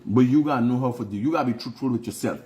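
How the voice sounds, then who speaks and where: A man's voice: medium pitch, racing, dark tone. A Guyanese man hosting a vlog, talking frankly and preachily, giving life advice and repeating phrases for emphasis. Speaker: host. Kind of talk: casual advice monologue.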